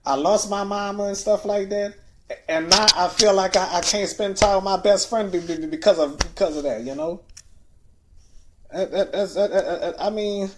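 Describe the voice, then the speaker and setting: A man, upset and near tears, talking through a rambling livestream monologue, stammering and repeating words and closing phrases with a soft, trailing "you know?". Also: high voice, normal speed, noisy background.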